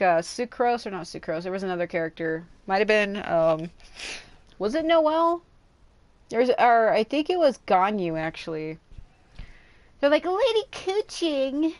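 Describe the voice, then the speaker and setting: A woman's voice: mid-range voice, dry recording. Exasperated woman streamer ranting over gameplay. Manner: rambling, exasperated, swears a lot. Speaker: game streamer. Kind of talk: casual live gameplay commentary.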